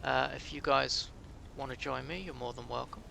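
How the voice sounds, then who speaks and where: A British man livestreams a game and chats casually with his viewers, teasing himself as he goes. His voice is gravelly, with a sharp, bright edge. A faint noise runs under the recording. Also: medium pitch, moderate pace. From Britain. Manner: chatty, answers chat while playing, self-mocking. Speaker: game streamer. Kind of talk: casual live-stream chat.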